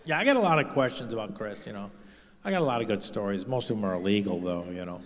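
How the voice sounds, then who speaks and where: A man's voice: fairly low pitch, expressive, fast talker, slight background noise. A man doing a stand-up comedy set, rambling and crude, with lots of "you know" fillers. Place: live stage show in a large venue. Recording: long-reverb live venue recording. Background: audience laughter.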